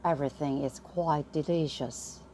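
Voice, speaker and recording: A woman voicing a fussy, polite male waiter who speaks in a slow, proper way, reading a bedtime story. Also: sits low, steady tone, warm tone, slight background noise, natural voice. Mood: prim, proper.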